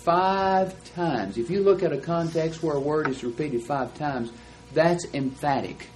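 A man's voice: a little high, measured pace, a little mellow, low-quality recording. A man teaching a Bible class, explaining texts in an emphatic, lecturing way. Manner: emphatic, explanatory, stresses key words.

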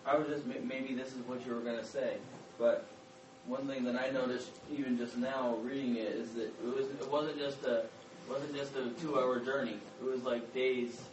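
Group member, flat-voiced man, halting remark, far off mic in an echoey room. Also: mid-range voice, crowd noise. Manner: hesitant, halting with fillers. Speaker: Bible study participant. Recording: distant, echoey, noisy room.

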